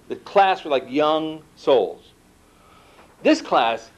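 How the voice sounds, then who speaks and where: A man giving a talk to an audience, telling his story animatedly and acting out quoted dialogue. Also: very slow. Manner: acts out quoted dialogue with lively pitch jumps. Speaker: speaker giving a book talk. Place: lecture room. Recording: dull lo-fi recording.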